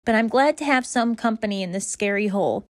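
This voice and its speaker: A woman voicing an excitable young female puppy in a storybook, squealing and eager. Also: medium pitch, fairly quick, no echo, studio quality, lightly acted. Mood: overjoyed.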